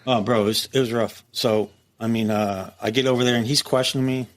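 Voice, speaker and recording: Fairly quick and medium-pitched, this middle-aged man's voice is ordinary and mid-range. He's a former prison captain telling stories as a guest in a relaxed interview, cursing openly, speaking bluntly and performing the quotes of others with gusto.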